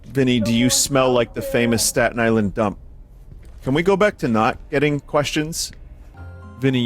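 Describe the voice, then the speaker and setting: A man rambles through casual stream chat, restarting his sentences and swearing offhand. His voice sits at an ordinary middle pitch. Faint music plays underneath. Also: fairly bright tone.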